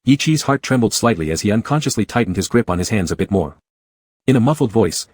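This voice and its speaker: A man narrates a romance comic story in a steady, even read. His voice is low and husky. The recording is close and dry. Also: fast, no room sound.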